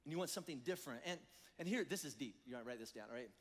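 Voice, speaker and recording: A male pastor preaching a sermon in a lively, conversational way, acting out the voices of his listeners. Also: mid-range voice, very fast. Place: church hall. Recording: long church hall reverb.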